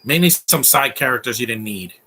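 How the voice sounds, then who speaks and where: A man's voice: mid-range voice, lively intonation, brisk, sharp tone, husky. A man in his thirties giving a casual, opinionated live commentary on a film, chatty and full of fillers. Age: 30s. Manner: chatty, opinionated, laughs often, many fillers.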